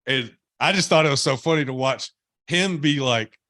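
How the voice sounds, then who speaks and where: A young man hosting a podcast, telling animated stories with swearing and laughter. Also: medium pitch, normal speed, dry recording. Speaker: podcast host, former player. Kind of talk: casual podcast chat.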